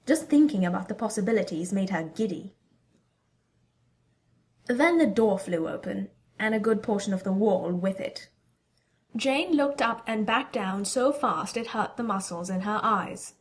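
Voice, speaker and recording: A woman narrating a fan-fiction story as an audiobook reader, in an even storytelling manner. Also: mid-range voice, unhurried.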